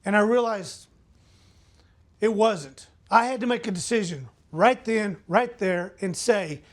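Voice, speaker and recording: A man's voice: sits high, measured pace. A man speaking as a motivational speaker, telling a personal story earnestly and asking the audience direct questions.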